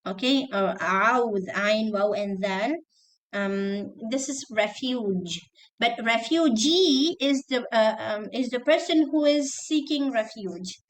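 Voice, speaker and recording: A woman's voice: on the high side, slow, rough recording. Woman teacher giving an online lesson. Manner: explanatory, checks with "okay?", mixes in Arabic terms. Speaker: teacher trainer.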